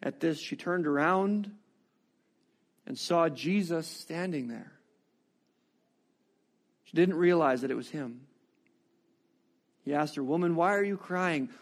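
A man preaching a sermon, reading scripture and reflecting on it with expressive, rising rhetorical questions. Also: on the high side, slow pace, long pauses.

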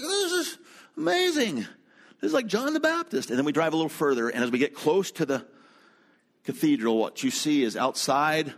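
A man preaching a sermon as a pastor, telling a travel story in a conversational way and turning to speak directly to his congregation in the room. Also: medium pitch.

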